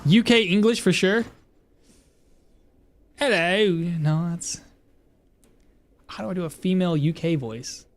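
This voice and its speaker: A man's voice: high-pitched, expressive, unhurried, long pauses. A man giving casual, rambling gameplay commentary as a streamer, often laughing at himself. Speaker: game streamer.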